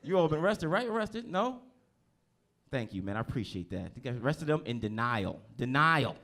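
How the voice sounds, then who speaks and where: A man's voice: mid-range voice, very animated, normal speed, fairly bright tone. A man from New Jersey doing a stand-up comedy set on a club stage, talking loosely and teasing the audience. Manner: loose, conversational, teases the crowd.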